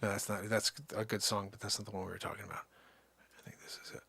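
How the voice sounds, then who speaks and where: A man's voice: fairly low pitch, little pitch movement, quick pace, creaky, loud music behind the voice. A man hosting a livestream, ranting in a heated, sarcastic and exasperated way. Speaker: livestream host. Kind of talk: ranting live commentary.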